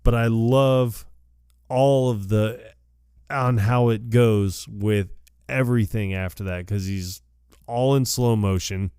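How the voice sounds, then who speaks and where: A man co-hosting a podcast, recapping a movie in casual chat, laughing often and acting out lines in lively voices. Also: on the low side, slow, smooth, no echo, studio quality. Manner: laughs often, acts out quotes in animated voices. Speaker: podcast co-host.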